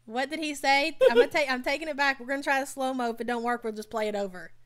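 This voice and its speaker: A woman hosting a live stream in a casual, sassy way, with a fairly high voice. She speaks bluntly and keeps turning to chat with her viewers. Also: fast talker, a bit bright. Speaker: live stream host reacting to a reality show.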